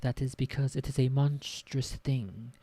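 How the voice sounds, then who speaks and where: Woman reading a grave, measured centaur. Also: a bass voice, fairly even intonation, mellow, dry recording, full character voice. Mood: urgent. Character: calm, serious male centaur protector.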